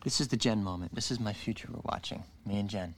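A young actor as an earnest, wordy teenage romantic. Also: male voice, on the low side, fast, a little hiss or hum, lightly acted. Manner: earnest, rambling, lofty phrasing. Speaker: TV drama character in played clip.

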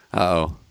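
A man co-hosting a podcast in casual chat, rambling and halting with lots of fillers. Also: a bit bright, no room sound, clean studio sound. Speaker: podcast co-host.

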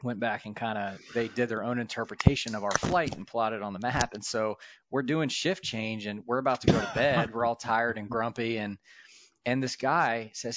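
A man's voice: mid-range voice, normal speed, noisy background. A man hosting a podcast, telling deployment stories casually and laughing often among old comrades. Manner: laughing, animated storyteller. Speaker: podcast host. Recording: dull lo-fi podcast audio.

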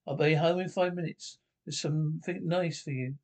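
A cheeky, harried cabbie, played by a man in a 1960s British film comedy. He placates his wife briskly, trying to smooth things over while he juggles the job. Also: a little high, steady tone, darkish tone, lightly acted. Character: cheeky middle-aged London cabbie, harried and evasive. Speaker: cab driver.

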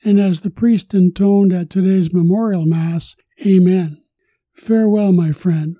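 An older man hosting a podcast about retirement, reading a scripted personal story in a measured, formal way. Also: sits high, steady tone, no echo, lo-fi sound.

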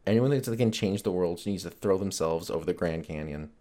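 A man with a deep, low voice talks to his listeners alone on a podcast. He rambles from topic to topic in a loose, profane, joking way. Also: brisk, warm tone. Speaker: podcast host. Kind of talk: casual solo podcast chat.

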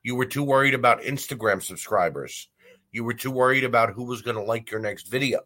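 A man's voice: medium pitch, brisk, bright, forceful tone. A man hosting a wrestling talk show, delivering a blunt, heated opinion rant with frequent fillers and restarts. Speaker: wrestling podcast host.

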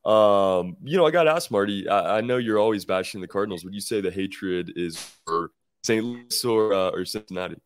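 A man's voice: on the low side, a little fast. A man hosting a casual sports podcast, easygoing and conversational, plugging the show. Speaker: podcast host.

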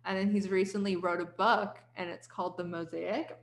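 A woman's voice: mid-range voice, fairly even intonation, normal speed, roomy sound. A woman podcast host casually retelling a story she heard, with lots of filler "like"s and quoted dialogue.

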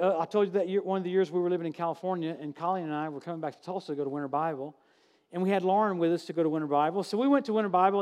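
A man delivers a sermon to a church congregation. His voice sits high for a man, and he tells stories with folksy humor and lively, animated energy. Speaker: preacher. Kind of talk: sermon with storytelling.

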